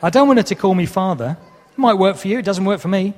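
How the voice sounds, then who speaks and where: In a church hall with a long, echoing reverb, a man in his thirties preaches a sermon. His voice is high and darkish in tone, and he speaks quickly. He comes across as candid and self-deprecating, with touches of humor.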